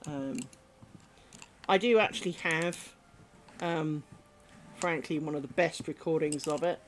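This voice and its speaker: A woman's voice: low voice, unhurried, a little hiss or hum. A woman streaming her lace-making, chatting casually and rambling, with the odd swear word. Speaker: craft streamer.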